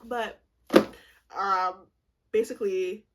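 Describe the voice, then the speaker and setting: A woman in her twenties telling a comedic storytime vlog, animated and profane, acting out both sides of the conversation. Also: mid-range voice, takes it slowly, very noisy. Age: 20s. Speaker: vlogger.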